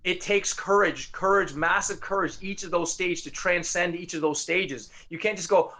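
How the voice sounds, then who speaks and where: High bright energetic motivational man. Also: normal speed, few pauses. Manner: energetic, repeats words and restarts, addresses listeners as guys. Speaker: motivational speaker. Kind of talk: motivational talk.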